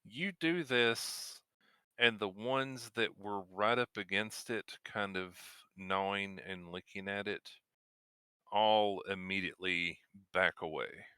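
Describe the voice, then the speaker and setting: A man runs a tabletop game, describing the scene in a slow, measured way. His voice is low, bright and smooth, and it sits close and dry. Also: dry recording. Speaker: game master.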